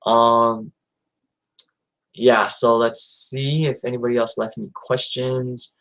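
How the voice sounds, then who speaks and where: A man's voice: medium pitch, level tone, takes it slowly, a bit bright, poor audio. A man hosting a live stream in a casual, rambling way, with lots of fillers and restarts.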